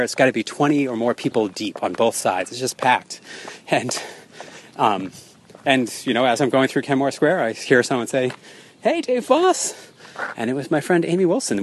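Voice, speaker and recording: A man's voice: mid-range voice, slight background noise. A middle-aged man casually recounting his marathon in a rambling, self-amused way. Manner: rambling, chatty, lots of ums and restarts, laughs at himself. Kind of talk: casual spoken recap.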